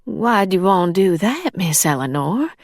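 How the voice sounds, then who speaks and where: A woman's voice: lowish voice, big pitch swings, normal speed, no echo, studio quality. Woman reading Nettie, a pleading loyal housekeeper. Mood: anxious. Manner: dialect grammar, deferential.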